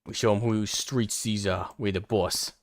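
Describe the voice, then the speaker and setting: Guy putting on a cocky gang boss voice, lowish, bragging to his sidekick. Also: steady tone, unhurried. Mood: boastful. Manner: boastful, playful put-on accent.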